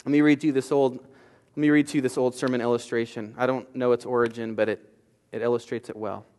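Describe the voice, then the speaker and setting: A man, a pastor, delivering a sermon, moving between forceful declarations and quiet storytelling. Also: mid-range voice, flat delivery, fast talker, big-room sound. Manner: emphatic, swings from loud declarations to soft storytelling.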